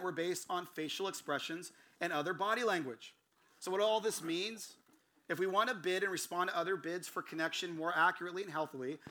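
A man's voice: sits high, bright, forceful tone. A gregarious, outgoing man preaching a sermon series, telling stories and acting out the voices of the people in them. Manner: storytelling, acts out quoted voices.

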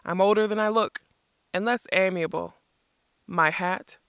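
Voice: mid-range voice, fairly even intonation, a little slow, fairly bright tone, clean tone, no echo. A reader voicing a proud male magician, solemn and insistent, in a storybook reading. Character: proud male magician, hesitant but stubborn.

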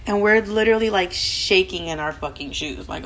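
Young woman, podcast host, fast animated storytelling, lots of swearing. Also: medium pitch. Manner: fast, animated, profanity-laden chatter. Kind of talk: casual storytelling.

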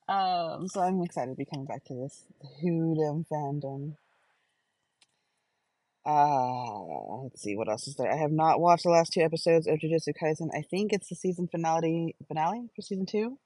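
A woman's voice: low voice, moderate pace, warm tone, dry recording, low-quality recording. A woman recording a casual stream-of-consciousness audio journal on a phone voice recorder while sitting in a car, chatting along with many fillers and self-corrections. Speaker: podcast host.

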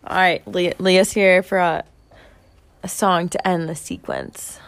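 A woman's voice: fairly low pitch, big pitch swings, measured pace. A young woman co-hosting a podcast in casual chat, teasing her friend, laughing and swearing freely. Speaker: podcast co-host.

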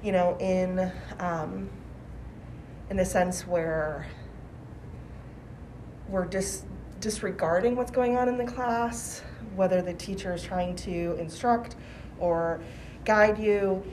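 A woman in her forties, a teacher, answering interview questions in a thoughtful, measured way with restarts. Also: lowish voice, fairly even intonation, background noise. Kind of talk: conversational podcast interview.

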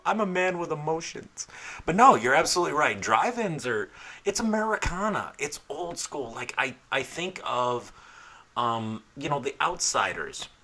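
A man's voice: mid-range voice, very animated, normal speed, bright, forceful tone, breathy edge. A man in his thirties co-hosting a podcast, telling stories in a joking, profane, casual way. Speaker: podcast co-host. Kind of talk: casual chat.

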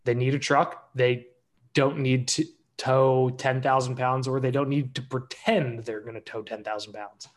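A man co-hosting a podcast in casual chat, relaxed and explanatory with dry humor. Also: medium pitch, normal speed. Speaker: podcast co-host.

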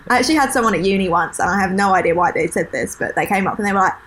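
A woman's voice: mid-range voice, racing, a bit bright, slight background noise, rough recording. Young Kent woman, slight lisp, giggly podcast co-host, easy casual chat. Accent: Kent English. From Kent, England. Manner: chatty, laughs often.

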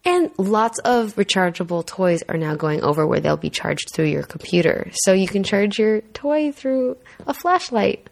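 A woman's voice: mid-range voice, lively intonation, normal speed, gravelly, few pauses. A woman hosting a podcast in casual, chatty talk, with hiccups and a laughing, bantering way of speaking. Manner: chatty, laughing, tipsy-then-sobered banter. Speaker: podcast host. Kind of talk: casual chat.

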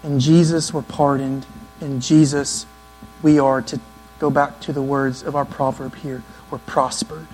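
A man preaching a sermon in an earnest, conversational way, now and then acting out quick asides. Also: medium pitch, flat delivery, darkish tone, slight background noise, rough recording. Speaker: pastor.

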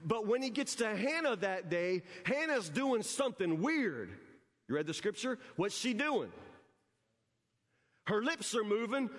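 Emphatic male pastor preaching in a reverberant hall. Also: sits high. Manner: emphatic, conversational preaching with repeated words. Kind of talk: sermon. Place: church sanctuary.

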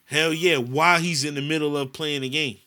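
A man from the States rants in an animated, profanity-heavy way during a casual chat. His voice sits a little high and is very bright and sharp, carried with loud energy. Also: brisk. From United States. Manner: animated ranting, heavy cursing.

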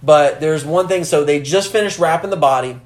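A man's voice: fairly high pitch, normal speed, reverberant. A man co-hosting a casual chat about a film, rambling, swearing freely and acting out characters. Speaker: podcast co-host.

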